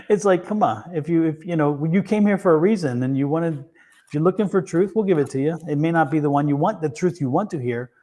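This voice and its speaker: Man, tarot host, high voice, rambling, chatty, laughs a lot. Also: quick pace, a little mellow. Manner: rambling storyteller with many restarts and fillers; laughs easily. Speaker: tarot reader and show host. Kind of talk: casual live-stream chat.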